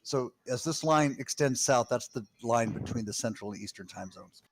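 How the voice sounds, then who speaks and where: A man from Massachusetts streaming in casual chat, meandering and halting as he talks. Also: medium pitch, a crowd in the background. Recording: loud background noise.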